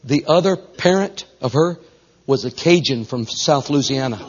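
A man with a Southern US accent preaching a storytelling sermon, folksy and animated, dropping to a hush and then rising loud. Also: medium pitch, normal speed, breathy edge. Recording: dull lo-fi recording.

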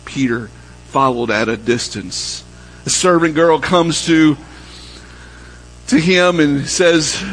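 A man preaching a sermon, telling a story and dropping low and soft when he quotes the people in it. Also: slow pace, long pauses, low-quality recording. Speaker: pastor.

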